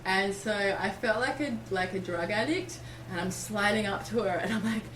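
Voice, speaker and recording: A middle-aged woman from Australia tells a personal story, animated and acting out the voices of others. She sounds roomy and distant from the mic. Steady background noise runs underneath. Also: medium pitch, moderate pace, hardly any pauses. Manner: animated, acts out quoted speech. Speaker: interview guest.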